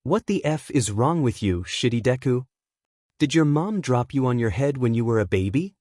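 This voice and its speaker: A man reading fan fiction aloud and voicing a hot-tempered young man who snarls and shouts insults. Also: medium pitch, lively intonation, moderate pace, no room sound, studio quality, natural voice. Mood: angry. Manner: angry shouting, crude insults.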